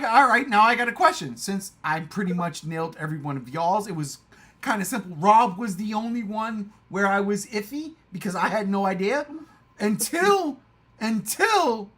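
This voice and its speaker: A man's voice: high voice, lively intonation, normal speed, sharp tone. A man hosting a casual livestream chat, boastful, repeating himself and swearing freely. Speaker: livestream host.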